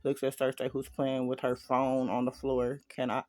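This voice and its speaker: A man's voice: mid-range voice, completely flat delivery, moderate pace, a little mellow, no room sound. A man casually reading a fan story aloud, dropping chatty asides to listeners. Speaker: story reader.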